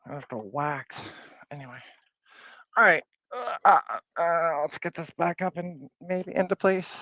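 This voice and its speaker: On her casual live stream, a Canadian woman at her home workbench talks playfully about what she is tinkering with. Her fairly low voice is expressive and fairly bright, a little slow, and recorded with no room sound.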